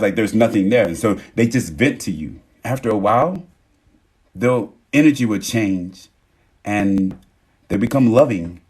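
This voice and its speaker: A young man talking casually on a live stream, rambling and emphatic as he acts out what others say. His voice has a husky, slightly rough edge. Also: fairly low pitch, darkish tone. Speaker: TikTok live host.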